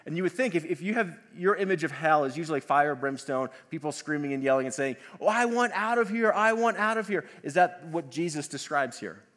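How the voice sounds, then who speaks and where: A man preaching a sermon, animated and acting out the voices of the people he quotes. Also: fairly high pitch. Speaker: pastor.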